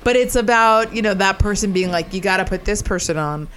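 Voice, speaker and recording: A woman comedian in casual podcast chat, talkative and quick to laugh. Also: mid-range voice, a bit bright, slight background noise. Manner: chatty, laughing, does silly voices.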